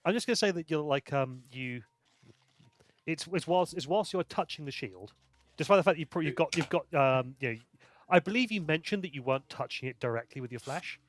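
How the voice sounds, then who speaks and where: A man's voice: a little high, expressive. Hesitant man game master narrating scenes, stops and restarts often. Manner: halting, many restarts.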